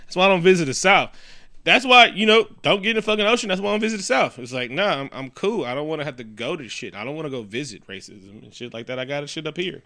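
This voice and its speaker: A man co-hosting a casual movie recap chat, profane and animated, acting out the characters in loud voices. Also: fairly high pitch, dry recording, clean studio sound. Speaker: podcast co-host.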